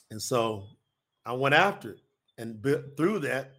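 A man, preaching to an audience in a folksy, animated, repetitive way. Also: medium pitch, measured pace. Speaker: preacher and co-host.

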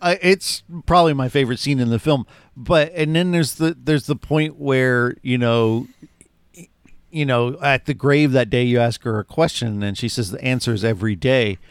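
Animated man discussing a film. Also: mid-range voice, moderate pace, smooth, no room sound, clean studio sound. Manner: animated, acts out quoted lines from scenes. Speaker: podcast co-host.

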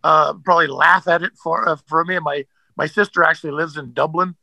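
A man's voice: a little high, fairly even intonation, a little fast, gravelly, bright, forceful tone, no echo, poor audio. A man, an actor, telling stories as a guest in a casual interview, rambling with many fillers and restarts.

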